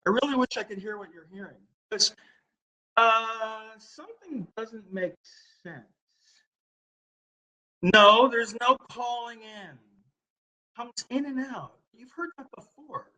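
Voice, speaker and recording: A man's voice: very high voice, slow, long pauses, bright, forceful tone, poor audio. Blunt man on a laptop live stream. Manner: blunt and profane, repeats questions at viewers. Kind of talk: live stream chat with viewers. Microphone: laptop built-in mic.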